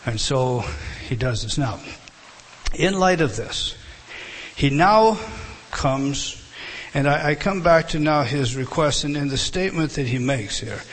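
A man's voice: on the high side, lively intonation, a little slow. Emphatic man preaching a verse-by-verse sermon. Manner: emphatic, repeats words and restarts often. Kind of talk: expository sermon.

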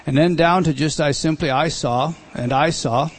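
A middle-aged man leads a Bible study lecture in a slightly raised voice. He talks slowly and deliberately and doubles up his words to stress a point. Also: on the high side, a little hiss or hum. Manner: slow, deliberate, repeats words for emphasis. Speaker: Bible teacher.

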